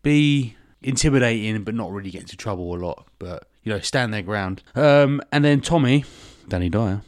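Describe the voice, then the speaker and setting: A man's voice: fairly low pitch, lively intonation, moderate pace, no room sound, studio quality. A man, a podcast co-host, recapping a film in a rambling, jokey way and swearing in casual comedic chat.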